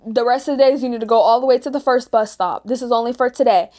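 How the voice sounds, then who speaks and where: A woman's voice: fairly high pitch, fast talker, warm tone, natural voice. A teenage girl voicing a firm, stubborn female school bus driver who keeps repeating herself.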